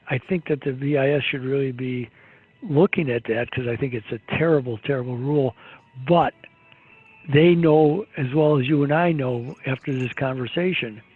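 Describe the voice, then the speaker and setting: A man's voice: medium pitch, husky. Opinionated man on a tinny line. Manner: opinionated, rambling, many fillers and restarts. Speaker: market commentator guest. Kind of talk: casual market commentary.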